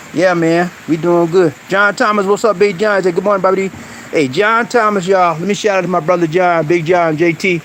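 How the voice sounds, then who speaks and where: A high-pitched middle-aged man, with slight background noise, runs a casual live stream outdoors in a rural area. Blunt and preachy, he speaks directly to his audience and peppers his talk with slang.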